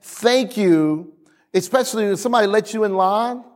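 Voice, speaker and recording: A man preaching as a pastor, slowing for emphasis and acting out family scenes. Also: sits high. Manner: lively preaching, slows for emphasis, acts out family dialogue. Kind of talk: sermon.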